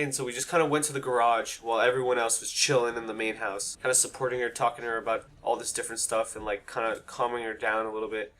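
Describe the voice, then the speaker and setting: A man's voice: medium pitch, fairly even intonation, fast talker, hardly any pauses, a bit bright. A young man telling a story to camera in casual, rambling talk, swearing often and acting out the quotes. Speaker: storytime vlogger.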